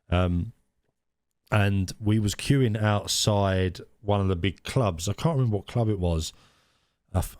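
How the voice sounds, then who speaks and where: A man with a fairly low voice, telling a story in casual chat, stopping and restarting often. The sound is dry and close to the mic. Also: darkish tone, no echo. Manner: hesitant, many restarts and ums, bursts of surprise. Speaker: podcast co-host.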